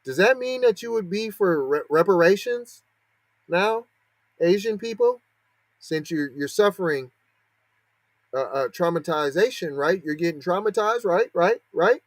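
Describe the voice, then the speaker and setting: A man's voice: high-pitched, lively intonation, unhurried, no room sound. A man hosting a podcast, giving heated, sarcastic commentary with a string of rhetorical questions. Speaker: podcast host. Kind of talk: heated commentary on a news story.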